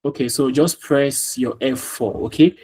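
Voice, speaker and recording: Husky male teacher in an online class. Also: medium pitch, unhurried, a little mellow, low-quality recording. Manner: repeats himself, quizzes students by name. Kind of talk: live online class lesson. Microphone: video call.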